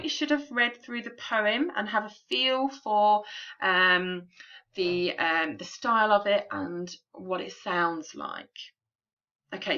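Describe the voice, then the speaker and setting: Bright-voiced woman teacher, lo-fi recording. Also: mid-range voice. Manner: clear, patient classroom explaining with frequent ums. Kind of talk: recorded remote lesson.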